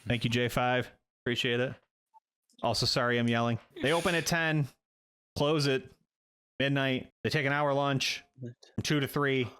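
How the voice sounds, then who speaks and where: A man voicing a dim, boastful male musician who hires the crew, talking loud and brash. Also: mid-range voice, fairly even intonation, moderate pace, long pauses, smooth, close to an everyday voice. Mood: complaining.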